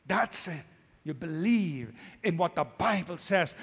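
A male pastor preaching a sermon, swinging from emphatic, loud declarations to hushed, quiet lines. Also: on the high side, animated, unhurried, husky, big-room sound.

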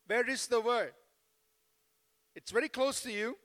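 A man with a very high voice preaches a sermon from the pulpit. He keeps checking in with the congregation for amens. The sound carries a long reverb from a large church hall. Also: measured pace, a bit bright. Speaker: pastor. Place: church sanctuary.

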